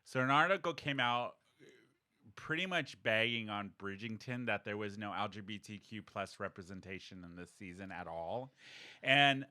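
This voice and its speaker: Bright-voiced man chatting on a podcast. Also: lowish voice, lively intonation, moderate pace. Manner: chatty, trails off and restarts, laughs often. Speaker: podcast co-host. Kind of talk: casual podcast chat.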